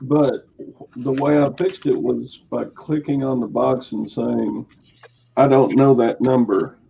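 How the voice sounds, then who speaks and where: A man's voice: mid-range voice, steady tone, takes it slowly, creaky, dark tone, slight background noise, low-quality recording. A man co-hosting a casual morning show, telling stories with wry, dry humor. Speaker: co-host.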